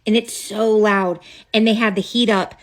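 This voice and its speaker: A woman's voice: medium pitch, steady tone, moderate pace. A woman telling a childhood story straight to a phone camera, casual and dramatic, with chatty asides.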